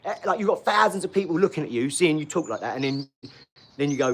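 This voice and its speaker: A man, ranting on a live stream, loud, mocking and swaggering, full of street slang. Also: high-pitched, sing-song, fairly quick. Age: 40s. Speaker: livestream host. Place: garage.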